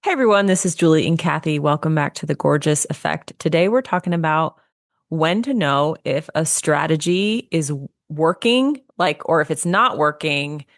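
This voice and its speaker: A woman hosting a podcast in a low, deep voice, upbeat and conversational. The sound is close and dry, with no room around it. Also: expressive, normal speed, no room sound. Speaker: podcast co-host. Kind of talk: casual podcast chat.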